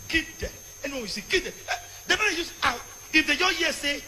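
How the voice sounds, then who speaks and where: Fiery Nigerian man preaching in shouts. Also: very high voice, animated, fast, few pauses, big-room sound, over music. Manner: fiery, often shouting, switching into pidgin. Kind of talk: impassioned sermon rant.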